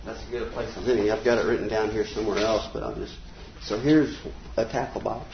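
An older man, teaching a casual Bible class in a small church classroom, folksy and conversational, reading quotes slowly. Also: on the low side, steady tone, muffled recording, noisy background.

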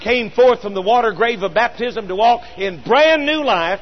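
High-voiced earnest male preacher. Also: animated, dull audio. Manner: earnest, storytelling, slow emphatic pauses. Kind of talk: sermon.

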